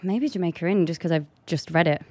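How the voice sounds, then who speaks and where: A woman's voice: fairly low pitch, quick pace, darkish tone, husky. A woman guest in a casual chat, chatty and a bit self-conscious, trailing off mid-thought. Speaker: guest actress.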